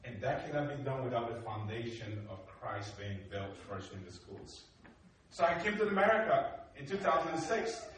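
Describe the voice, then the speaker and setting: A man from Africa telling his life story as a talk, animated and acting out the dialogue. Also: moderate pace, slight background noise. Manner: animated, acts out dialogue with rising emphatic pitch. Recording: echoey hall from a distant mic.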